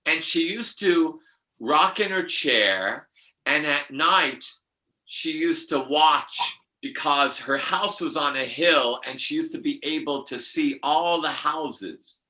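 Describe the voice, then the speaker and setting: Slow, bright-voiced older man. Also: a little high, poor audio. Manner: anecdotal, laughing, many restarts. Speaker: numerologist guest. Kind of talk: rambling spiritual storytelling.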